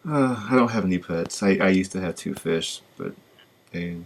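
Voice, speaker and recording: A man with a very low voice hosts a casual podcast. He talks in a relaxed way, pausing often and restarting his sentences as he thinks. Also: gravelly. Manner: relaxed, hesitant, many fillers and restarts. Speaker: podcast host. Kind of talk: casual chat.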